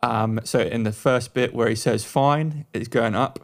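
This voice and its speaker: A man co-hosting a songwriting podcast, giving warm praise of a track in a casual chat, often restarting his sentences. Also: mid-range voice, level tone. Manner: warm praise, halting starts and repeated words. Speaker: podcast co-host. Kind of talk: casual chat reviewing songs.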